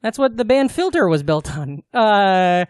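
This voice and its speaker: A man's voice: high-pitched, sing-song, unhurried, clean tone, dry recording, studio quality. A man co-hosting a comedy podcast, rambling and swearing in casual banter, full of fillers. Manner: rambling, profane, many fillers. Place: small comedy radio studio.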